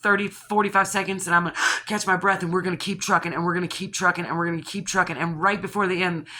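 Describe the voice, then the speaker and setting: A woman hosting her own channel, telling a personal story in a casual, animated, rambling way, with restarts and gasps. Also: fairly low pitch, quick pace, a little hiss or hum. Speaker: channel host.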